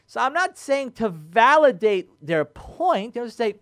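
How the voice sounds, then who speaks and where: Emphatic man with a lively, high voice. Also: measured pace, hardly any pauses. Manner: emphatic, repeats phrases, uses Yiddish and Hebrew terms. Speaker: radio show host giving marriage advice. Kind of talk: radio advice talk.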